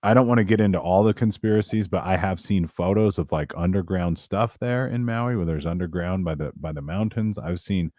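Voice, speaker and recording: A man's voice: low-pitched, fairly quick, hardly any pauses, dry recording, lo-fi sound. A man talking as a guest on a casual podcast, rambling with many restarts.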